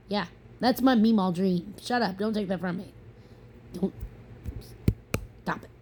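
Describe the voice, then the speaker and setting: A young woman vlogging to camera, chatty and sassy, full of playful asides. Her voice is mellow and soft-edged, sitting at a middle pitch. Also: a little hiss or hum. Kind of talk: casual opinion monologue.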